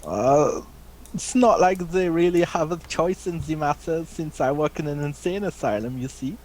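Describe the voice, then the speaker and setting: A man voicing a deadpan mock German brain scientist on a call, with a put-on German accent and formal, stiff phrasing. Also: fairly high pitch, moderate pace, a little hiss or hum, lightly acted. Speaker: caller.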